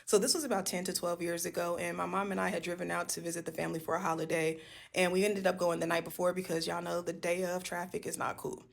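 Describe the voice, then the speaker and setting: A woman casually telling a ghost story to her viewers, animated and profane, addressing them as y'all. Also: lowish voice, fast, vocal fry.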